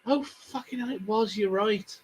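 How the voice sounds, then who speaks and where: A man's voice: sits high, normal speed, crowd noise. A man in casual chat who teases and quizzes his friend with pointed questions.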